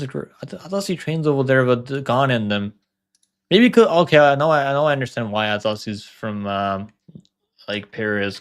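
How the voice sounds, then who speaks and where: Rambling, profane young man picking fights. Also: lowish voice. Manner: rambling, profane, second-guesses himself aloud. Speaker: MMA livestream host. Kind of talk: casual fight-picks chat.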